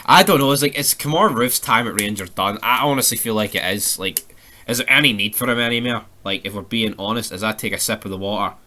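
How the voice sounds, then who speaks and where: A man's voice: on the low side, quick pace, bright, forceful tone. A young Scottish man giving sweary, ranting casual commentary over a football video game career mode. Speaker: gaming YouTuber.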